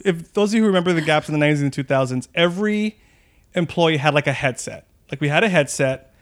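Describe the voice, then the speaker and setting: A man chatting casually on a podcast, telling stories and acting out scenes with animated, laughing delivery. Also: a little high, fast talker. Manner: animated storyteller, acts out scenes. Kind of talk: casual chat.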